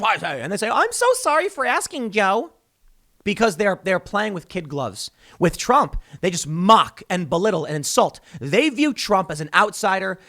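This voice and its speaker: A man's voice: high voice, fairly bright tone. A man giving a heated solo political commentary, mocking and sarcastic as he talks.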